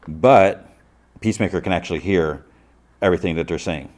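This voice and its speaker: A podcast host recapping a show scene in a loose, rambling way, full of "like" and restarts. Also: male voice, low-pitched, fairly quick, darkish tone.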